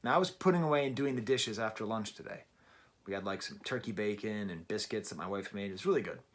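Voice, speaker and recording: Middle-aged man, music reviewer, animated, emphatic, wry, home bedroom. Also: on the low side, fast talker. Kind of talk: casual video album review. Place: his daughter's bedroom at home.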